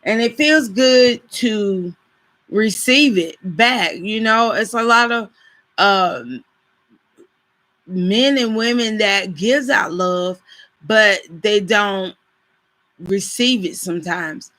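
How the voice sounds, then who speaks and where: A woman's voice: medium pitch, slow pace, fairly bright tone, poor audio. A woman hosting a live stream, chatting casually with viewers and reading greeting cards aloud. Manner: chatty, addresses viewers directly.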